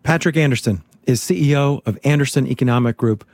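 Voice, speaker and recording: A man hosting a business news report, asking brisk questions and signing off. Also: medium pitch, a little mellow, no echo. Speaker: news host. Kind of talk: interview questions and sign-off.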